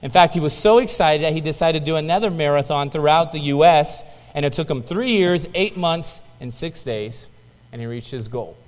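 A man's voice: on the high side, normal speed. Man preaching a sermon in an echoing hall. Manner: storytelling, rises to excited emphasis then drops soft.

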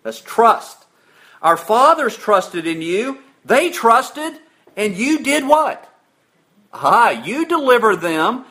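A man's voice: very high-pitched, big pitch swings, slow pace, pushed and bright. A man preaching a sermon, asking his listeners questions and answering them himself, and reading scripture aloud with rising emphasis.

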